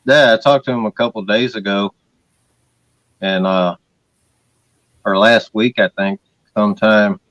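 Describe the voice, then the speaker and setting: A man's voice: on the low side, fairly even intonation, measured pace, pauses often, fairly bright tone, no room sound. Laid-back man hosting, dull dry sound. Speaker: host. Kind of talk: casual chat.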